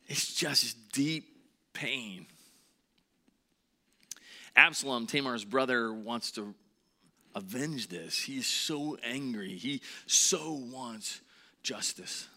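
Bright-voiced man preaching earnestly. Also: medium pitch. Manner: earnest, drops to a hush on heavy points. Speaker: pastor. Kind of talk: sermon.

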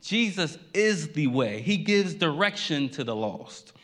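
Earnest male pastor preaching, slightly high voice. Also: very animated, unhurried, a bit bright. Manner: earnest, repeats lines for emphasis, occasional stammered restarts. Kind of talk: sermon.

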